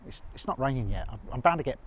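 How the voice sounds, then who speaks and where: A man rambles to his handheld camera on a countryside walk, chatty and self-mocking. His voice sits at an ordinary pitch. Faint outdoor noise runs behind him. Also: animated, racing, low-quality recording. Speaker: vlogger. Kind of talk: walking vlog to camera.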